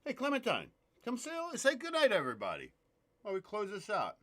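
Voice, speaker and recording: This live-stream host speaks in a high voice with huge pitch swings, brisk and fairly bright. He keeps the show loose, cracking jokes, swearing and calling out viewers by name.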